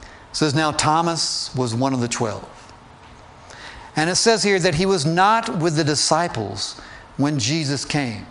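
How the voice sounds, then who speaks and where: A male preacher whose speaking voice sits a little higher than most men's. He talks through the sermon like a chat, with light humor and frequent questions put to his listeners. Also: gravelly, a little hiss or hum. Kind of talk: conversational sermon.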